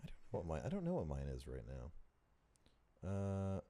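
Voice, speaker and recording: A man chatting casually as a podcast guest, relaxed and jokey, now and then slipping into silly voices. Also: sits low, a little slow. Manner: laid-back, drops into silly voices. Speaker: guest voice actor.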